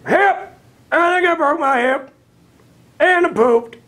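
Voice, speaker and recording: A man voicing a crabby old male schoolteacher who yells rudely at his class, in a comedic puppet video. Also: extremely high pitch, takes it slowly, full character voice. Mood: cranky. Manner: yelling, cranky and rude.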